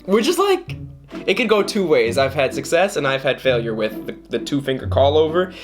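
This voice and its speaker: A man telling a dating story to camera in a playful, dramatic way, jumping into high voices for quoted lines. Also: big pitch swings, normal speed, soft background music. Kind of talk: animated storytime monologue.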